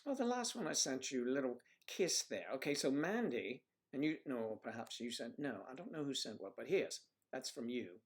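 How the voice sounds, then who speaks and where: Guy hosting a livestream at his computer, rambly, keeps muttering to himself, mid-pitched voice. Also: big pitch swings, normal speed, few pauses. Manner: rambling, drifting into soft mutters while clicking around. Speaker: livestream host. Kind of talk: casual livestream chat reading viewer messages.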